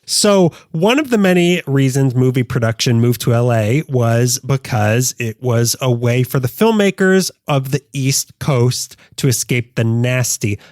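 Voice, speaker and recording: A man's voice: mid-range voice, expressive, measured pace, few pauses, a little mellow, no echo, studio quality. A man co-hosting a casual comedic history podcast, joking and laughing as he leads into segments. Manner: joking, laughs often, reads segment intros. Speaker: podcast co-host.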